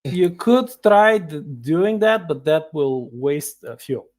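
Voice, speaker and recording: A man acting as game master, explaining rules in a halting, casual way. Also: a little high, lively intonation, a little mellow. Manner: hesitant, lots of fillers and restarts. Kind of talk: casual tabletop game narration.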